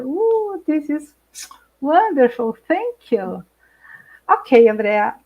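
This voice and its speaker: A middle-aged Brazilian woman speaking English with a Brazilian Portuguese accent, an animated guest in a live video chat who laughs often and searches for words. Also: on the high side, muffled recording. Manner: animated, laughs often, hesitant non-native phrasing. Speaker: guest speaker, intercultural trainer.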